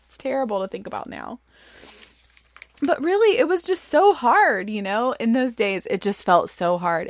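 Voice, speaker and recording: Woman, 30s, mother, casual storytelling, animated, self-deprecating, dry sound. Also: no echo. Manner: animated, self-deprecating, acts out quotes in high voices.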